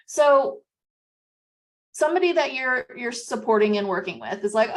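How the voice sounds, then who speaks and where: A woman's voice: on the high side, big pitch swings, normal speed, long pauses. A woman hosting a podcast who talks conversationally and tags her points with "you know" and "right?". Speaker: podcast host.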